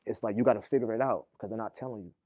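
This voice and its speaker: A man's voice: on the low side, racing, a little mellow, dry recording. A young man from telling his prison story in a podcast interview, heavy on slang and "you feel me.". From Boston, Massachusetts. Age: young adult. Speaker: guest.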